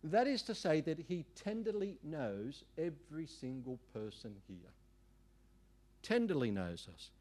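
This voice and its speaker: Animated preacher, fairly high voice. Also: male voice, a little slow. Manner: animated, emphatic preacher with folksy asides. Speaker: pastor. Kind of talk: sermon.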